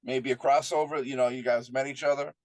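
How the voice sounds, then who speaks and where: A man's voice: mid-range voice, steady tone, a little fast, darkish tone, no echo. A man hosting a podcast, asking loose, chatty questions with restarts. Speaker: podcast host. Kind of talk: casual interview chat.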